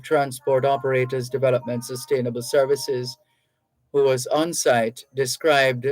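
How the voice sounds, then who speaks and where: A man hosting a radio talk show, reading listener messages aloud in a measured, reflective way. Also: mid-range voice, poor audio. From Jamaica. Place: radio studio. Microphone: studio microphone.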